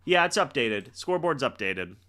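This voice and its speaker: A young man hosting a live reaction stream, calling the plays and shouting and teasing players on big moments. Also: mid-range voice, very animated, moderate pace. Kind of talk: excited live play-by-play reaction.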